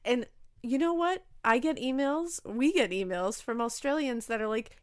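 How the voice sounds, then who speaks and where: A woman co-hosting a podcast, talking in loose, animated chat. She swears freely and laughs often. The sound is dry and close, with no room around her voice. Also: on the high side, normal speed, clean tone, dry recording. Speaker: podcast co-host. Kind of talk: casual chat.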